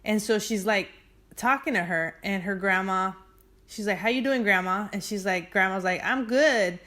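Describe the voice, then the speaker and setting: A woman's voice: medium pitch, fairly bright tone. A woman casually retelling a movie's plot to her sister, chatty and full of fillers, acting out the characters' lines. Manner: chatty, filler-heavy storytelling with acted-out quotes. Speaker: vlogger. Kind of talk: casual movie recap to a sibling.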